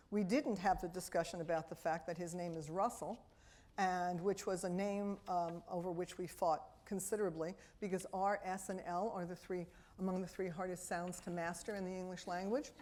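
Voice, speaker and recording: A middle-aged woman from Brooklyn with a New York accent, a speech and language pathologist giving a lively, wry talk to a room of parents. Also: lowish voice. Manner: animated, wry, talks straight to the audience. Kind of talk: lively public lecture to an audience. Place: auditorium before a live audience.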